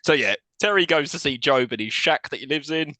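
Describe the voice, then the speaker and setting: A man's voice: fairly high pitch, lively intonation, brisk, sharp tone, no echo. A man co-hosting a podcast, recapping a film plot in casual chat and laughing often. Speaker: podcast co-host.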